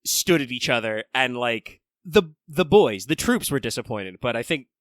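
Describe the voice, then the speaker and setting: Bright, dry-voiced man chatting casually. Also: medium pitch, lively intonation, normal speed, no echo. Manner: rambling, thinks aloud with many fillers and restarts. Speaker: podcast co-host. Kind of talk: casual podcast chat.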